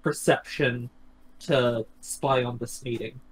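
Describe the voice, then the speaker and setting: A man playing a tabletop game, loosely thinking his plan out loud. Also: medium pitch, steady tone, unhurried, breathy edge, poor audio. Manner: loose, thinking aloud with "like" and "you know". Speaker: player. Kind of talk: casual tabletop role-play.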